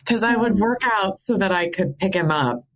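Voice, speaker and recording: A middle-aged woman from the American Midwest, candidly telling a personal story of grief, animated and laughing through sadness. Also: medium pitch, a little slow. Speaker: podcast guest.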